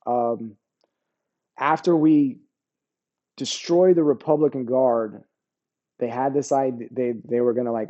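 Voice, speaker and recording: A man's voice: mid-range voice, fairly even intonation, unhurried, long pauses, warm tone, lo-fi sound. A middle-aged American man, an army veteran, telling war stories in a casual interview, laid-back and slangy, often saying "bro" and "you know what I mean.". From United States.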